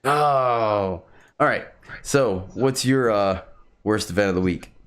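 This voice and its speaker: A man's voice: lowish voice, slow pace, fairly bright tone, clear, resonant tone. A man from Miami, chatting casually as a podcast co-host, telling stories wryly and chuckling often. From Miami, Florida. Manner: wry storyteller, chuckles often. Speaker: podcast co-host and club dancer. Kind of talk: casual chat.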